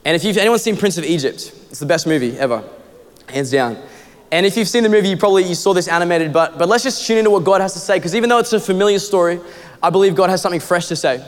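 Young man, pastor, earnest conversational sermon, high voice, long hall reverb. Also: fast talker. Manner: earnest, conversational preaching with fillers. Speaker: assistant kids pastor. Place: church auditorium.

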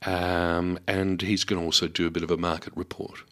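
A man's voice: deep voice, flat delivery, fairly quick, fairly bright tone. An Australian man hosting a community radio show, chatty and enthusiastic, with lots of fillers.

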